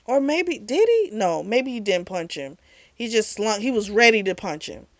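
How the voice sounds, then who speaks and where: A woman hosting a book club vlog, chatting her way through a story recap with lively asides. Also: medium pitch, normal speed, dry recording.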